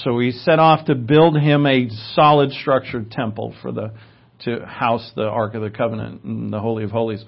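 A male preacher teaches in an easy, conversational way, wandering into asides and using filler words. His voice sits at an ordinary middle pitch. The recording sounds a little muffled and lo-fi. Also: moderate pace, gravelly. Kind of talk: sermon teaching.

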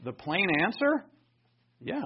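A man teaching a Bible lesson in sermon style, conversational and animated, raising his voice for emphasis. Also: sits high, takes it slowly, husky. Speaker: pastor teaching. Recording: dull lo-fi recording.

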